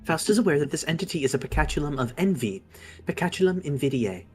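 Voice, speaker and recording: A man's voice: a little high, animated, quick pace, soft background music, natural voice. A man reading a game aloud and voicing a composed, formal woman who explains things matter-of-factly. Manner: stiff, formal, matter-of-fact. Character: calm formal know-it-all woman, composed. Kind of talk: game dialogue read aloud.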